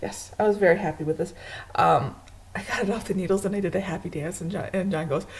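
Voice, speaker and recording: A woman's voice: fairly low pitch, fast talker, vocal fry. A woman hosting a knitting video podcast from home, chatting casually and laughing often while she shows her projects to a webcam.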